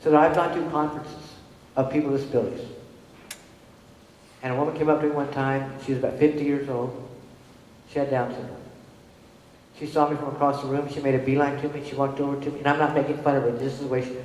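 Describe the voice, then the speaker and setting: Middle-aged woman speaker, lively storyteller who acts out each quote, echoey hall sound. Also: very deep voice, fast talker, pauses often, slight background noise. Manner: animated, acts out dialogue in quoted voices. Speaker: speaker on disability inclusion. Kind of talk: storytelling presentation.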